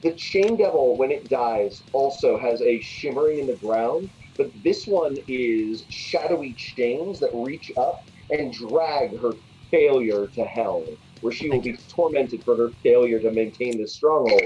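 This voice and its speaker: Male game master, dark mellow tone, lo-fi stream audio. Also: mid-range voice, lively intonation, a little slow, soft background music. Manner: descriptive, with fillers. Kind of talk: narrating a tabletop game.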